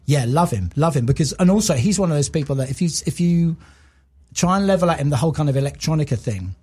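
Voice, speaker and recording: A man chats enthusiastically as a podcast guest. His voice is husky, and he rambles from one story to the next, acting out the lines people said. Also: on the high side, lively intonation, quick pace, darkish tone. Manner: rambling, enthusiastic storyteller who acts out quotes. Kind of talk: casual chat.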